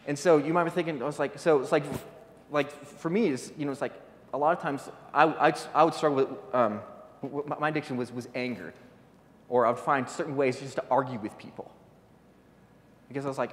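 Halting male preacher in a reverberant hall. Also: medium pitch. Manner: halting, repeats words and restarts often. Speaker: guest speaker. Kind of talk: informal sermon.

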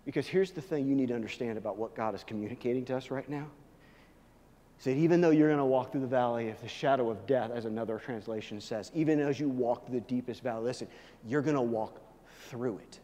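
A male pastor preaching a sermon, swinging from hushed, low asides to loud, emphatic proclaiming. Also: quick pace, in a large hall.

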